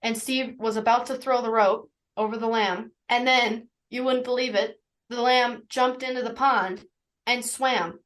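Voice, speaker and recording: A woman's voice: on the high side, fairly even intonation, measured pace, a bit bright, rough recording. A teenage girl telling a story casually as a guest, rambling and full of fillers like "like" and "anywho.". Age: teens. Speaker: young shepherd guest.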